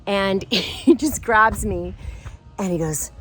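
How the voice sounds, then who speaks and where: Animated middle-aged woman telling a story. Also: slow pace, soft background music. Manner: animated, acts out quoted voices with big pitch jumps; giggly, playful. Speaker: vlogger telling a personal story. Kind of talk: casual storytelling.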